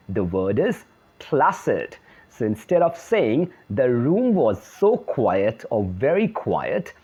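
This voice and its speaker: A man teaching vocabulary in a video lesson, emphatic and repeating key words slowly. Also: mid-range voice, a little mellow. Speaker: English teacher.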